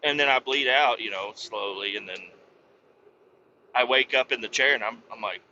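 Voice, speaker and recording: Male podcast host, rambling profane storyteller, very bright voice, slightly dull audio with faint hiss. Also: medium pitch, normal speed. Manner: rambling, profane, full of fillers. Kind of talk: comic storytelling.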